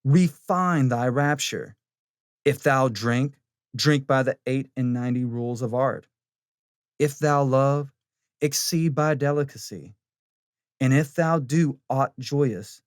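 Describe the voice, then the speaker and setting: Man, audiobook reader, slow solemn pace, dry close sound. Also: medium pitch, dry recording. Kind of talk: scripted reading of occult letters.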